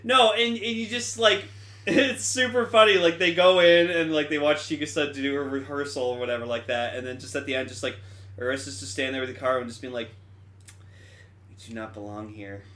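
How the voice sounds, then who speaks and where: A man's voice: on the high side, steady tone, fairly bright tone. A man co-hosting a podcast in casual chat, rambling, swearing freely and laughing as he talks. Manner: rambling, swearing, laughing, doing quick impressions. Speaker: podcast co-host. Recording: echoey room.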